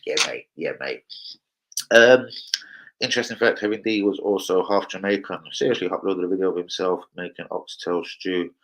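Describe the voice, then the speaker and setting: A young man hosts a casual live football chat on a livestream, brash and jokey, swearing a lot. At a moderate pace, he swings between loud outbursts and low muttering, and the audio is poor.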